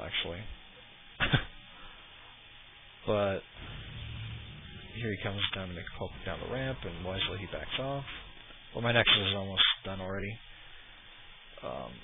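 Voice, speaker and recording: A man casually commentating his own match replay, relaxed and self-critical, with lots of ums. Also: lowish voice. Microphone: cheap desk mic. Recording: tinny lo-fi mic with loud noise.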